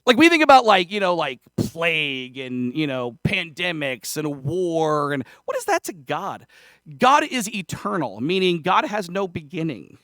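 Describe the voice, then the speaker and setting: A man's voice: fairly high pitch, very animated, unhurried, fairly bright tone, no echo, studio quality. A male pastor preaching a sermon in a conversational, self-deprecating way, with casual asides. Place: church sanctuary.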